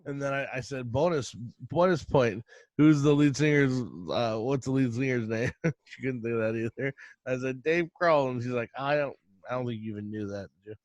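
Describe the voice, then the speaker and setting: A middle-aged man hosting a podcast, telling a rambling casual story in quick bursts with frequent laughs. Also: mid-range voice, fairly even intonation, a little mellow, no echo, muffled recording. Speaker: podcast host. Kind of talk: casual chat.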